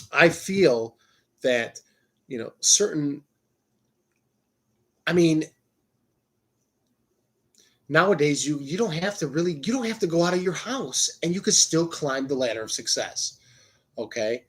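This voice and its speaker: A man's voice: a little high, a bit bright. Rambling, profane man hosting a show. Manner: rambling, profane, self-interrupting. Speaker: podcast host. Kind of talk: casual monologue.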